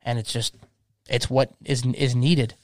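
A man's voice: mid-range voice, steady tone, a little slow, no echo, studio quality. A man in his thirties, a DJ, talking passionately in casual slang and restarting his sentences often. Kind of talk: casual podcast chat.

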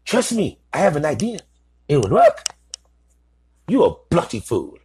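Smug english tech bloke scheming up a site, guy putting on a bad english accent, voice jumping high and low. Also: huge pitch swings, unhurried, warm tone, slightly rough, full character voice. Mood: mocking. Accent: put-on English. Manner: plummy British slang, mocking. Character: smug male English startup founder, scheming.

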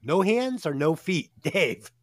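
A man hosting a casual podcast, animated and profane, laughing often as he banters. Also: on the high side, slow. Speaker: podcast host.

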